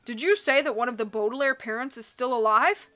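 A woman's voice: a little high, fairly quick, pushed and bright, soft background music. A woman voicing a resourceful young girl who speaks politely but urgently in a storybook reading. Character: resourceful girl faking a low voice.

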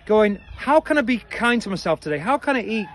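A male head coach giving an upbeat, energetic coaching talk, quizzing listeners and calling them team. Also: high-pitched, brisk. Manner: energetic, playful.

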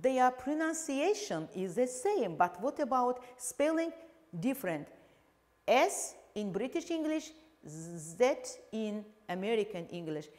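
A woman English teacher with an Azerbaijani accent, slowly explaining a televised lesson with frequent fillers. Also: fairly high pitch, very animated, darkish tone, big-room sound. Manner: slow, deliberate explaining with fillers.

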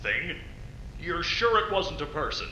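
A man's voice: on the high side, very animated, measured pace, lo-fi sound, very noisy. A man playing a doubtful male boss who questions a worker in clipped questions. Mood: skeptical. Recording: echoey tape recording.

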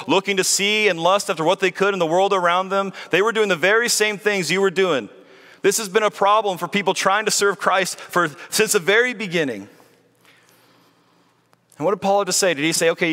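A man with a high, bright voice preaches a sermon in a church sanctuary, and his words ring out with a long hall reverb. His delivery is earnest and pleading, full of rhetorical questions aimed at the congregation.

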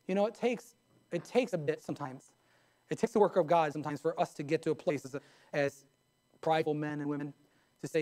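A man's voice: a little high, fairly quick, pauses often, a little mellow. A pastor preaching a live sermon in his church, who often asks the congregation questions and tells stories to make his points.

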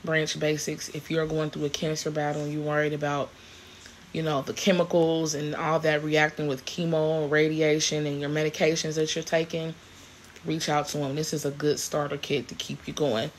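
A woman's voice: deep voice, little pitch movement, normal speed, slight background noise. A woman, chatting casually to camera in a vlog, grateful and rambling with many restarts. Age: 40s. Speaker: vlogger.

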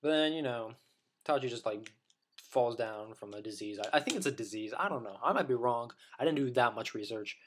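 A man's voice: medium pitch, expressive, brisk, fairly bright tone, slight background noise. A man delivering a rambling, profane opinion rant as a vlogger, full of restarts and blunt insults.

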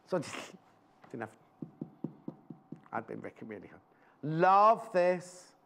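A man's voice: lowish voice, expressive, a little slow, gravelly, a little hiss or hum. A man presenting a live shopping show in a TV studio, chatting in rambling anecdotes and speaking fondly to viewers.

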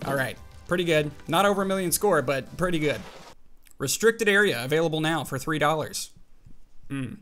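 A young man with a somewhat high voice talks through a mobile game, jumping between puzzled muttering and excited outbursts. He hosts a casual gaming channel and narrates every move. Faint music plays underneath. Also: moderate pace. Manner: excitable, jumpy, talks to himself while playing.

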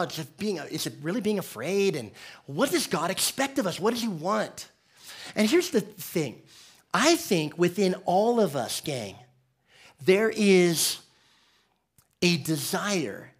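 A man from the United States preaching a conversational, joking sermon as pastor. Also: a little high.

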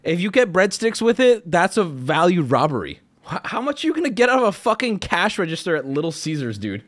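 A man streaming live, talking casually to his chat and reacting to donations, loud and excitable, often breaking into shouts. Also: sits high, a little fast.

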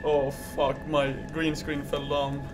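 A man's voice: fairly high pitch, monotone, takes it slowly, over music. A young man playing horror games on camera at home, shrieking, swearing and laughing nervously. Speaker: horror game let's player. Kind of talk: screaming horror game reaction. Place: home recording setup with a green screen.

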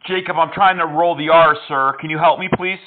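A man's voice: fairly high pitch, fairly even intonation, a little fast. A man making prank phone calls, talking in a mocking, teasing, playful way. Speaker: prank caller. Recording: tinny phone line.

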